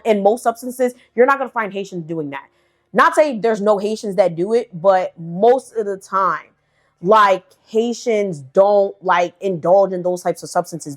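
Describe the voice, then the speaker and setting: A young woman telling a casual storytime, candid and profane, full of "like" and "right". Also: medium pitch. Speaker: storytelling vlogger.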